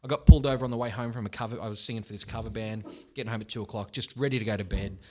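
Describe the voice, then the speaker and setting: A young Australian man with an Australian accent, hosting a podcast and telling animated stories in casual chat. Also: fairly low pitch, a little hiss or hum. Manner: fast, swearing, animated storyteller. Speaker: podcast host.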